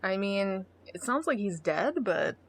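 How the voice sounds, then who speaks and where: A woman's voice: mid-range voice, sing-song, unhurried, slightly rough. A middle-aged woman co-hosting a podcast in casual chat, reading a dating profile aloud with blunt, sarcastic comments and free swearing. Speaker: podcast co-host.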